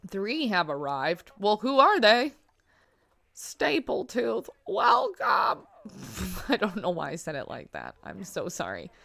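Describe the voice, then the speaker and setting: A woman's voice: medium pitch, wildly swooping pitch, unhurried, vocal fry, a bit bright, dry recording. A woman streaming a zoo-building game, chatting casually to herself and her animals with lots of fillers. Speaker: gameplay streamer. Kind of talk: casual gaming commentary.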